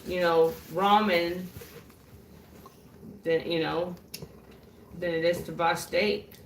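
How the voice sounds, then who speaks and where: A middle-aged woman with a West Texas accent, talking softly and matter-of-factly over dinner. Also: on the low side, steady tone, takes it slowly, far from the mic, slight background noise. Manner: soft-spoken, plain, matter-of-fact. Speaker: co-host. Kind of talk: casual chat while eating dinner. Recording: echoey room, off-mic.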